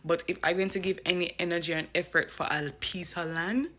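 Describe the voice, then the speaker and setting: A woman from Jamaica giving casual, animated commentary that turns into emphatic declarations. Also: on the low side, fairly quick. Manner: animated, emphatic, mixes chat with passionate declarations.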